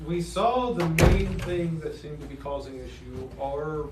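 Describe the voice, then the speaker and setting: A man's voice: on the high side, fairly even intonation, a little slow, echoey room, distant mic, heavy background noise. A man playing in a tabletop game, chatting casually and talking plans through. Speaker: player.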